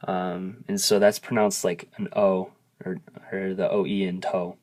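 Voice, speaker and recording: In a low-pitched, slightly mellow voice with little pitch movement, a native English-speaking teacher walks through vowels in a casual video. He explains slowly and patiently, modelling each sound aloud.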